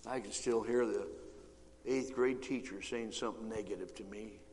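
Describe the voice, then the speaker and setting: A man preaching a sermon, swinging from shouting to hushed, near-whispered urging. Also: on the low side, normal speed. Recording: reverberant hall, faint room noise.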